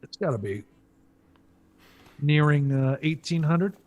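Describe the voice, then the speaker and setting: A man's voice: fairly high pitch, animated, takes it slowly, darkish tone, dull audio. A man commentating a live poker stream, chatty and joking, thinking aloud between hands.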